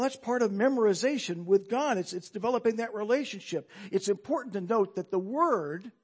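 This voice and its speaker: A man's voice: extremely high pitch, slightly rough. A man preaching a sermon in a conversational, emphatic way, asking his listeners rhetorical questions.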